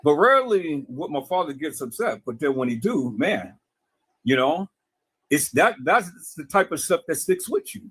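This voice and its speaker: A man's voice: on the high side, very animated, moderate pace, a bit bright, husky, no echo. A man talking to his viewers in a casual, preachy way, often stammering and repeating words. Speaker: video host.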